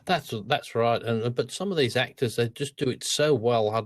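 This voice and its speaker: An Australian man chatting on a casual weekly podcast, wandering through his thoughts with restarts and trailing asides. His voice sits at a middling pitch and is recorded dry and close. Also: moderate pace, no room sound. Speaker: podcast co-host. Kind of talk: casual chat.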